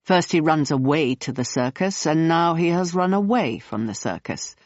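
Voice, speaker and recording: A reader voicing a calm, matter-of-fact circus woman. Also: low voice, normal speed, dry recording. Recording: dull lo-fi dry recording.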